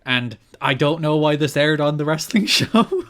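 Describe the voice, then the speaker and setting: A man co-hosting a podcast in casual chat, recapping events with dry, deadpan asides. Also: on the high side, normal speed. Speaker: podcast co-host.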